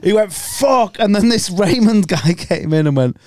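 A man's voice: high voice, lively intonation, moderate pace, darkish tone, no echo, clean studio sound. A man hosting a podcast, telling stories in casual, jokey banter. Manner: laddish, jokey storyteller. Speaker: podcast host.

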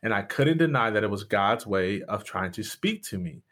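A young man from Michigan, a pastor, telling his story as a podcast guest in an earnest, animated way with frequent restarts. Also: lowish voice, moderate pace. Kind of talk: candid storytelling and conversation.

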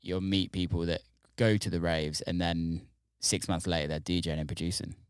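A man hosting a casual interview, talking in a relaxed, halting way with casual swearing. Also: low-pitched, clear, resonant tone, no echo, studio quality. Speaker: podcast host, DJ.

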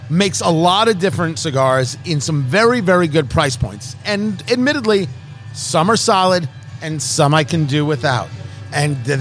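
Male host from Brooklyn and New Jersey, high voice, brash and teasing showman for a cigar chat. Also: a bit bright. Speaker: podcast host. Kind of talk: casual cigar review chat.

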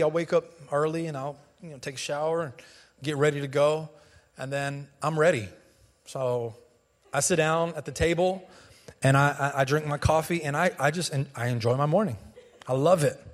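A fairly high-pitched male pastor from the United States preaches with lively, conversational energy. He mixes self-deprecating humor with punchy repeated lines. His voice rings out with a long church reverb. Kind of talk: sermon. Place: church sanctuary.

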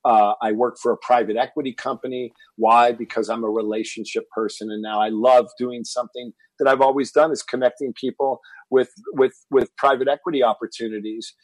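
A man in his fifties from Texas, telling a personal story as a guest in an interview, animated and getting louder as he relives the moment. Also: medium pitch, a little fast, few pauses, no room sound, poor audio. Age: 50s. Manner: animated storyteller, rises to shouting when reliving anger. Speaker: fitness entrepreneur guest.

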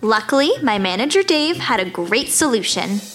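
Uma atriz interpreta uma atriz vaidosa e egocêntrica que narra o seu diário numa comédia em áudio, com voz aguda e muito expressiva. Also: female voice, on the high side, very animated, normal speed, a bit bright, faint music behind. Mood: chatty. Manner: breezy, self-centered diary narration. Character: vain self-absorbed actress keeping a diary. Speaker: narrator and lead character. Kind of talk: comedic audio drama.

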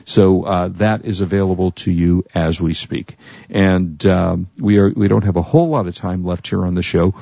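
A male tech radio host with a low, gravelly voice who chats in a loose, rambling way. The sound is dry and a little dull. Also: steady tone, normal speed, dark tone, dry recording. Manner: rambling, self-correcting, chatty. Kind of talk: casual tech radio talk.

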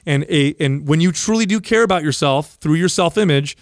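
Podcast guy, kinda high voice, blunt and emphatic, swears a lot, dry room. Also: brisk, no room sound. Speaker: podcast co-host. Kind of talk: casual chat.

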